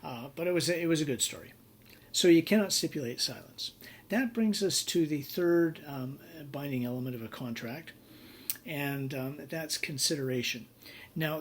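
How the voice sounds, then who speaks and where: A man's voice: on the high side, a little hiss or hum. A middle-aged man teaching business law in a recorded lecture, telling stories in a conversational way with many fillers.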